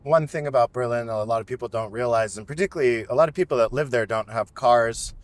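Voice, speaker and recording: A man's voice: mid-range voice, fast, no room sound. A man co-hosting a podcast, telling stories in casual chat from inside a moving car, acting out the people he quotes. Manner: animated storyteller, acts out quoted voices loudly. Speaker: podcast co-host.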